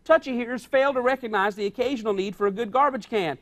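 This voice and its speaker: A man's voice: very high-pitched, quick pace, a bit bright. A male pastor preaching a sermon in a folksy, plain-spoken way, stressing and repeating his key points. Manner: emphatic, repeats key points, acts out quoted dialogue.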